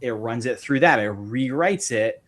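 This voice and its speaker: With an expressive, fairly bright mid-range voice at a moderate pace, a real estate investor talks through how he runs his business. It's a casual podcast interview, and he's enthusiastic and rambling, full of fillers and restarts.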